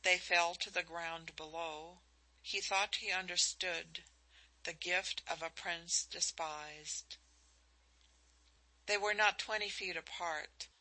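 A woman narrating a novel as an audiobook, in a measured, expressive reading. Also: lowish voice, poor audio.

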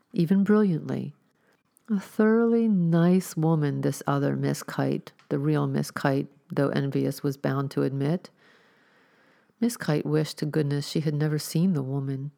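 A woman narrating a story as an audiobook reader, with a measured, steady reading. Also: deep voice, gravelly.

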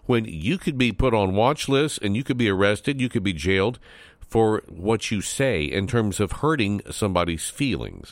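A man with a lowish voice running a talk radio monologue, folksy and sarcastic, needling his targets with mocking asides. The sound is dry and close, straight into a studio microphone with no room around it. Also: dry recording. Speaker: radio talk show host.

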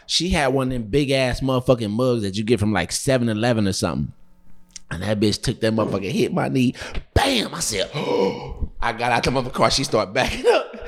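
Lively man telling a rowdy story. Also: medium pitch, fast. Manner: profane, laughing, acts out quoted voices. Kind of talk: casual storytelling chat.

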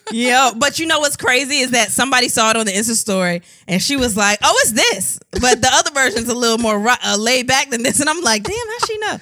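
Bright-voiced woman telling a wild story. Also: fairly high pitch, a little fast, dry recording. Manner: animated, profane storytelling with acted-out quotes. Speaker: podcast co-host. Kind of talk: casual storytelling chat.

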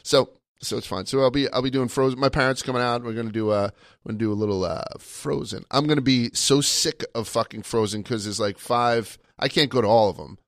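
A man's voice: medium pitch, steady tone, fairly quick, no echo. Dry-sounding rambling man hosting a chat. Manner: rambling, self-mocking storyteller with frequent laughs. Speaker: podcast host. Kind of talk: casual chat.

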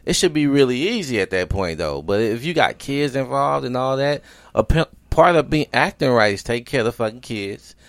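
A man's voice: mid-range voice, expressive, brisk, a bit bright, no echo. A man co-hosting a podcast, talking casually in a blunt and profane way. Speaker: podcast co-host.

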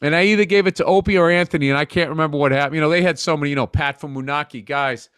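A man's voice: fairly high pitch, rapid-fire, fairly bright tone, clear, resonant tone, no room sound, studio quality. A man, a comedian, telling rambling stories in casual podcast chat, swearing and restarting sentences. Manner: storytelling, swears a lot, stammers on restarts.

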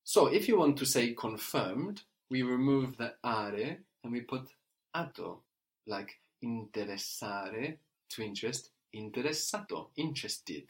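A man's voice: medium pitch, lively intonation, measured pace. Patient male language teacher. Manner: patient, explanatory, often adds a questioning "no?". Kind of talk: spoken language lesson.

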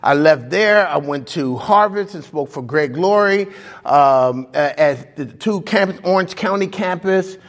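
Slow, animated man preaching in a reverberant hall. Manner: animated storytelling, swings from loud highs to hushed lows. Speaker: pastor. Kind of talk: sermon.

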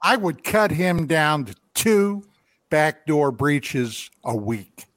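Male guest, high bright voice, slow, drawn-out storyteller. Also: big pitch swings. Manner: slow, drawn-out anecdote teller. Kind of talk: casual chat.

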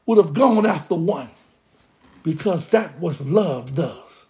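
A pastor preaching a sermon with impassioned, drawn-out emphasis. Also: mid-range voice, expressive, darkish tone.

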